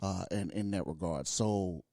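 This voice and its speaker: A man's voice: low-pitched, a little slow, dark tone, dry recording, clean studio sound. A man from Texas co-hosting a casual podcast chat, laughing often and repeating himself. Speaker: podcast co-host.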